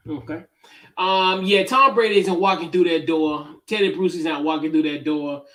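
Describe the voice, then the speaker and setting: High-voiced man hosting a sports chat. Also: moderate pace, recorded from a distance. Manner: relaxed, lots of fillers, runs through game picks. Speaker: podcast host.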